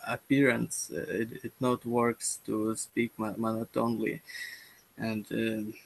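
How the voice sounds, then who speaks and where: A young man with a Russian accent, a language student chatting in a lesson, halting with many restarts and repeated words. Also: medium pitch, vocal fry, poor audio. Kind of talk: casual conversation lesson.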